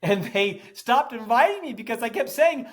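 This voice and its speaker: A man's voice: very high-pitched, expressive, moderate pace. A man in his fifties, a podcast guest, talking intensely and animatedly with self-deprecating humor. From United States. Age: 50s. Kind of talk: podcast interview.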